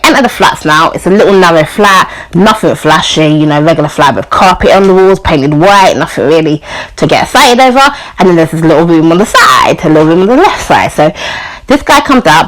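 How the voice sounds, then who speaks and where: A woman's voice: on the low side, low-quality recording. Chatty woman telling a story. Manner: chatty storytelling with many "you know" and "like" fillers; acts out the people she quotes. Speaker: YouTuber. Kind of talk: storytime vlog.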